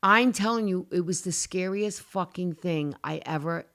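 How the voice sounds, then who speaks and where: A woman's voice: lowish voice, moderate pace. Woman telling a dramatic story. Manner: animated, dramatic retelling, swears. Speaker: guest. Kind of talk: casual storytelling.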